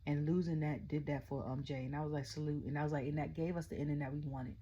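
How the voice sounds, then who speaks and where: Chatty husky woman ranting about wrestling. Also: low voice, fast, dull audio. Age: middle-aged. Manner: chatty, excitable, repeats "I was like" constantly. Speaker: wrestling show reviewer. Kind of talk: casual rant-style recap.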